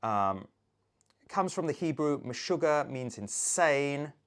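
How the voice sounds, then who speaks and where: A woman with a low voice, ranting casually into the camera. Her pitch swings all over the place as she swears her way through a theatrical, animated tirade. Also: takes it slowly. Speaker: video maker.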